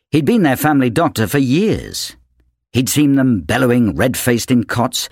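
A man narrating an audiobook with an expressive, dramatic reading. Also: medium pitch, breathy edge, no room sound, studio quality.

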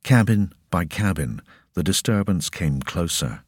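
A man narrating an audiobook with expressive, scripted storytelling. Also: sits low, unhurried, slightly rough, no room sound, studio quality.

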